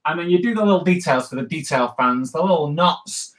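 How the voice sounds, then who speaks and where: Casual male cartoonist teaching live, slightly high voice, rambling and full of fillers. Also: expressive, brisk. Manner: rambling, chatty, many fillers and restarts. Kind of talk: casual live drawing tutorial.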